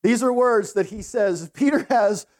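Middle-aged male pastor, high-pitched, casual storytelling sermon delivery. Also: measured pace. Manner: conversational, animated storytelling with laughs.

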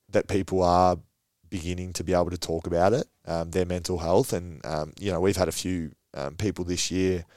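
Deep-voiced easygoing Australian man. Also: a little mellow, no echo. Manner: easygoing storyteller, laughs often, many fillers. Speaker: footballer guest. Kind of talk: casual podcast chat.

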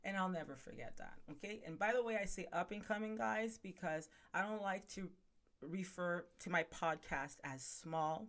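A woman's voice: on the low side, normal speed, a bit bright. A woman hosting a podcast in casual chat, talking to her viewers as "guys" with plenty of ums and asides. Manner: chatty, addresses viewers as guys, many fillers. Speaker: podcast host.

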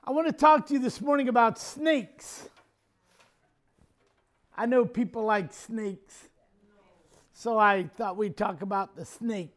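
A man's voice: high-pitched, takes it slowly, long pauses, fairly bright tone. A man preaching a sermon, telling a homely story with a folksy, chuckling manner. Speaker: pastor.

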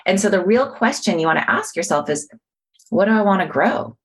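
A woman's voice: mid-range voice, lively intonation, fairly quick, husky. A middle-aged woman in casual conversation, explaining mindfulness and self-compassion in an earnest teaching manner.

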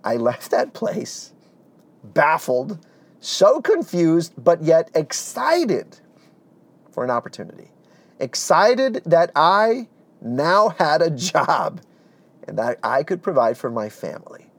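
A man telling his life story as a testimony, earnest and animated, dropping to a hush at heavy moments. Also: fairly high pitch, takes it slowly, no room sound. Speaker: speaker giving a personal testimony.

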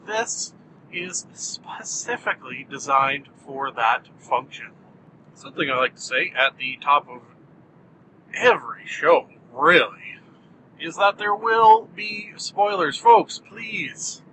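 A man's voice: high voice, slight background noise, poor audio. Wry, upbeat male podcast host. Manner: wry, deadpan self-mocking humor; animated, jumpy delivery. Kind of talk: solo podcast chat.

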